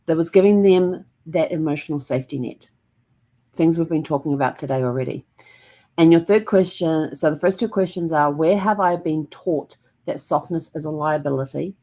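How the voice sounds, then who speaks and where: Woman host, deep for her sex, soft-spoken and meandering, casual reflective vlog read. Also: moderate pace. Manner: gentle and calm, rambling with many fillers.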